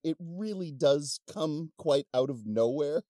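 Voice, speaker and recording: Mellow-voiced joking man on a podcast. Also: fairly high pitch, expressive, measured pace, no room sound, studio quality. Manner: jokey, self-deprecating, profane. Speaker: podcast co-host. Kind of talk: casual podcast banter.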